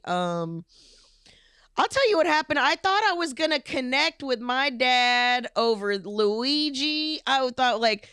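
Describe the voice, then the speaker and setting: A woman co-hosting a podcast, telling stories in an animated, profane, casual way. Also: a little high, smooth, no room sound, studio quality. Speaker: podcast co-host. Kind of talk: casual chat.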